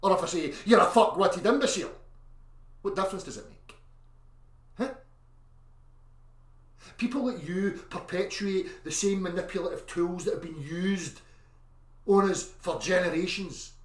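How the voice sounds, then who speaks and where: A man's voice: sits high, a little slow, long pauses, recorded from a distance. A man ranting aggressively in a monologue, insisting and swearing as he argues. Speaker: online commentator. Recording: echoey room, voice off-mic.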